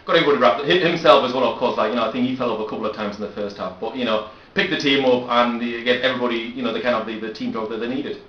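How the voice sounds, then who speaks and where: A man's voice: medium pitch, racing, few pauses, fairly bright tone. A man, an amateur footballer, rambling jokily through a post-match interview with lots of fillers. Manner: rambling, full of fillers and restarts. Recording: echoey lo-fi recording.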